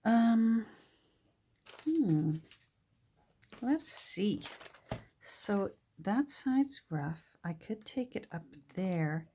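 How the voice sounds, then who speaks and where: A woman's voice: mid-range voice, very animated, very slow, long pauses, warm tone, a little hiss or hum. A woman from Canada with a Canadian accent, chatting casually and musing aloud to herself while she works on a craft project. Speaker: junk journal crafter.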